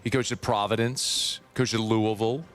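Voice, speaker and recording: A man's voice: fairly low pitch, steady tone, normal speed, a bit bright, faint music behind. A man hosting a sports radio show, teasing and quizzing his mother in casual chat, with dry humor.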